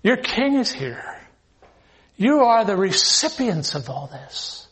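A man's voice: high-pitched, big pitch swings, slow pace, a bit bright. A man preaching a sermon, reading scripture aloud and explaining it with emphatic, dramatized delivery. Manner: emphatic, acts out scripture scenes. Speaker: pastor.

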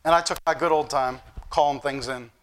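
A man's voice: a little high, fairly even intonation, brisk, a bit bright. A middle-aged man preaching a sermon, telling stories and acting out the dialogue with rising emphasis.

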